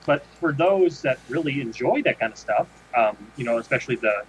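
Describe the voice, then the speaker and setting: A man's voice: mid-range voice, animated, brisk. A man co-hosting a podcast, chatting casually and rambling with many restarts. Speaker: podcast co-host. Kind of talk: casual chat. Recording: dull lo-fi sound with faint noise.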